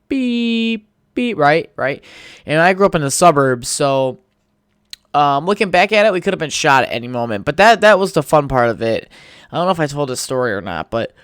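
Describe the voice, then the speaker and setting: A young man rambles through stories on his solo podcast, sounding tired and laid-back and swearing often. His voice is smooth and clear at a middle pitch, recorded close with a dry, dead sound. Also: a bit bright, no echo. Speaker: podcast host. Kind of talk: casual solo storytelling. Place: home setup with a podcast mic.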